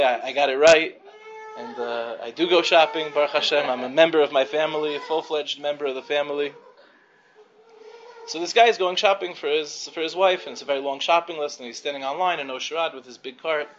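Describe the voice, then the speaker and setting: A man's voice: a little high, steady tone, fairly quick, a bit bright. A man teaching a class of girls, telling a story in a conversational way, with frequent fillers and restarts. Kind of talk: storytelling lecture. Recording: dull lo-fi recording with faint background noise.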